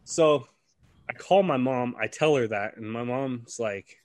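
A man's voice: medium pitch, unhurried. A young man, a podcast co-host, telling a casual story with lots of swearing and acted-out quotes. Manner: animated, swears freely, acts out quoted voices.

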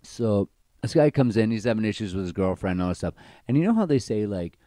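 Low-voiced man telling crude bar stories. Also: big pitch swings, fast, mellow, dry recording. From Baltimore. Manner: rambling and crude, lots of fillers. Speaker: podcast co-host, bartender. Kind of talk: casual podcast banter, storytelling.

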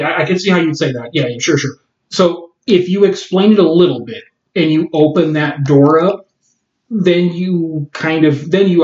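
A man's voice: fairly high pitch, darkish tone. A man co-hosting a casual film podcast, often stopping and restarting as he thinks aloud. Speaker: podcast co-host. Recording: echoey, dull lo-fi room sound.

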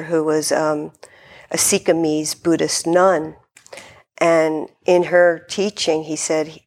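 Low, gravelly-voiced woman Zen teacher. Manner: reflective, gently hesitant. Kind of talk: dharma talk.

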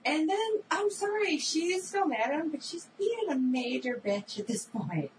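Woman, casual recap chat, animated, acts out lines, distant mic, background noise. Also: high voice, normal speed. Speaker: podcast co-host.

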